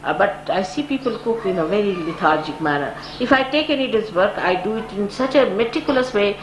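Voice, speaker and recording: An older woman, a spiritual teacher, giving a devotional talk in a storytelling manner, her voice climbing high when she stresses a point. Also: lively intonation, a little fast. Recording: echoey room with audible noise.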